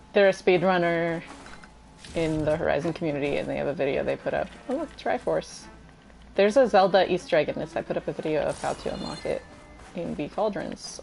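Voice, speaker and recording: Low, gravelly young woman streamer. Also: darkish tone, a little hiss or hum, poor audio. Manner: rambling, filler-heavy, self-deprecating. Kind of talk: casual gameplay chat.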